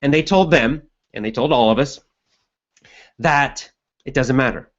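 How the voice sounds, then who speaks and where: A man hosting a live show, answering viewer questions in an energetic coaching tone with occasional laughs. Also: medium pitch, unhurried, lo-fi sound. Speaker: host.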